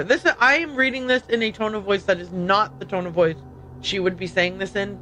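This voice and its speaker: A woman's voice: mid-range voice, fairly quick, pushed and bright, faint music behind. A woman streaming a mystery game, chatting casually, laughing often and reacting aloud as she reads on-screen text. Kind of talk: casual let's-play commentary.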